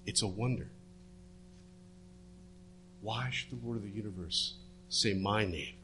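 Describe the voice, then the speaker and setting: A man preaching a sermon, retelling a story and dropping his voice low and soft for the quoted words. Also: unhurried, long pauses, slight background noise. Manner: storytelling, drops to hushed tones for quoted words.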